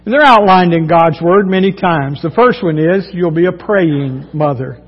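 A man with a high voice preaches in a church, and his words ring out in a long hall echo. His delivery is folksy and joking, moving into earnest exhortation. The recording sounds dull and lo-fi. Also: unhurried, husky. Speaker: pastor. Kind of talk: sermon. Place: church sanctuary.

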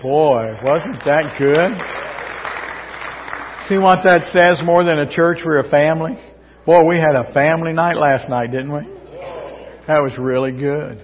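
A man preaching a sermon to his congregation in a folksy, joking way, his voice a little hoarse because he is losing it. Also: a little high, a little slow, long pauses, a faint crowd, slight background noise. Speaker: pastor. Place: church sanctuary. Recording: distant, dull church recording with long reverb.

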